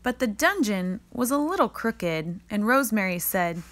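A woman reading a children's picture book aloud in a slow, expressive read-aloud manner. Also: mid-range voice. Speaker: reader.

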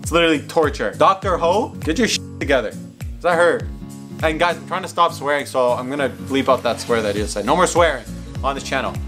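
Excitable young man unboxing on camera. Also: a little high, brisk, over music. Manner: excitable, swears and yelps when hurt. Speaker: YouTube host. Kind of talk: casual unboxing vlog.

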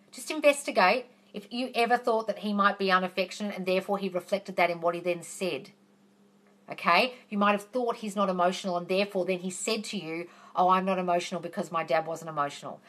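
A woman's voice: mid-range voice, sharp tone. A woman hosting a live question-and-answer stream, answering viewers in a chatty, reassuring way and calling them darling. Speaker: manifesting coach hosting a live Q&A.

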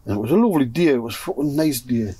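A man's voice: mid-range voice, lively intonation, rapid-fire, mellow, husky, no room sound. A man with a Geordie accent telling a long story to friends in a pigeon loft, swearing constantly and acting out what everyone said. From North East England. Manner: swears constantly, acts out other people's lines. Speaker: pigeon fancier telling stories. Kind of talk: casual storytelling among friends.

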